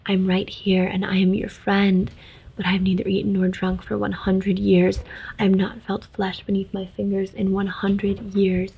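A hungry hundred-year-old male ghost, as a woman reader puts him on, with a hushed, half-whispered delivery that sits low and quiet. The voice is husky, with a gravelly edge, and stays flat in tone. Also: normal speed, poor audio. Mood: hushed pleading.

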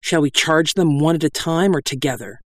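A reader voicing a tough female warrior who speaks low and hushed, with dry confidence. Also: moderate pace, no room sound, close to an everyday voice.

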